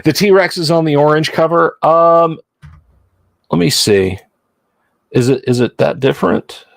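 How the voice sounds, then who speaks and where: A man's voice: on the high side, unhurried, gravelly, no echo. A man hosting a livestream, chatting casually and jokingly with his viewers and rambling between points. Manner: chatty, rambling, jokey, answers chat. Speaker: livestream host.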